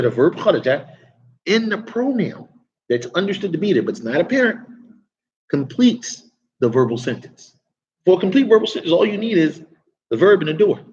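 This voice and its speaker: A man's voice: medium pitch, muffled recording. A man teaching an Arabic grammar class in a casual, chatty way, often asking the class rhetorical questions.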